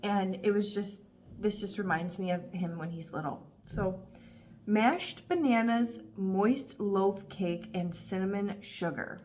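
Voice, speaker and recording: A woman's voice: mid-range voice, takes it slowly, darkish tone, slight background noise. Gushing woman reviewing candles. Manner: gushing, emotional, talkative with frequent fillers. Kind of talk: casual review vlog.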